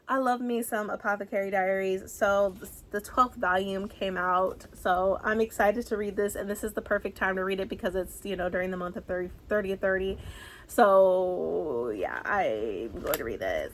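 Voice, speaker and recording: A woman in her thirties chatting excitedly through a book haul, gushing and sometimes dropping to a whisper. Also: medium pitch, normal speed, a little hiss or hum. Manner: bubbly, excitable, gushing, slips into soft whispers. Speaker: book vlogger. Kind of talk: casual book haul chat.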